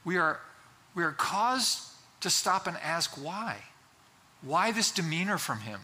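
A man's voice: high-pitched, big pitch swings, a little slow, sharp tone, husky. A man preaching a sermon in a conversational way, with fillers and restarts. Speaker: pastor.

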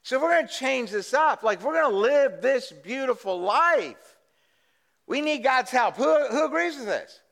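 Pastor preaching, high and bright, chatty with the congregation. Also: male voice, long reverb tail. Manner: conversational, asks the congregation questions. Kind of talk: sermon.

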